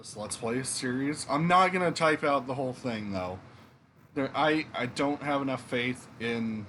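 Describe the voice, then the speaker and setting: A man giving casual, rambling gameplay commentary, swearing freely and pausing with fillers. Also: mid-range voice, fairly bright tone, a little hiss or hum. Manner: rambling, profane, hesitant. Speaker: let's play gamer.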